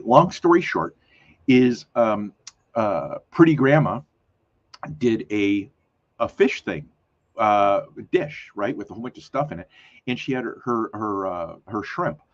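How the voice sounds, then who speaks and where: A low, husky man talks through a weekly live stream, rambling and correcting himself, his pitch swinging up and down as he goes. The audio is dull and lo-fi, like a home setup. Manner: rambling, self-correcting, chatty, with many fillers. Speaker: host of a weekly live community show. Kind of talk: casual live-stream chat.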